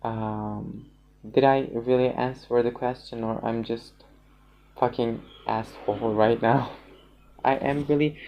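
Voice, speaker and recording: Slow halting man with gravelly creak. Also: medium pitch, darkish tone, slight background noise. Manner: halting, rambling, swears often. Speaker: livestreamer. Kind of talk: casual livestream monologue. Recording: dull lo-fi stream audio.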